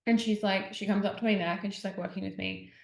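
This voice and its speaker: A woman's voice: mid-range voice, steady tone, fast, vocal fry, reverberant. A woman talking as a podcast guest in casual conversation, chatty and full of "like", retelling what others said. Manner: chatty, heavy use of "like", retells others' words. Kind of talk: casual interview chat.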